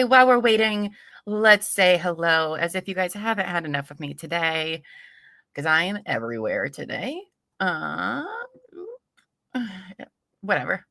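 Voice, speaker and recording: A young woman chats casually on her livestream in a bright, close, dry voice. She is giggly and easygoing as she greets viewers one by one. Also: fairly low pitch, no echo. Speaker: livestream host.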